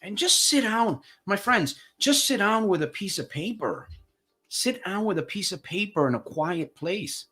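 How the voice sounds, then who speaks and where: Soft background music plays as a recovery coach hosts a live motivational broadcast from a home studio with a green screen. His voice is high-pitched, expressive, pushed and bright, and he speaks without hurrying. He preaches to viewers as friends, repeats phrases for emphasis and reads their comments.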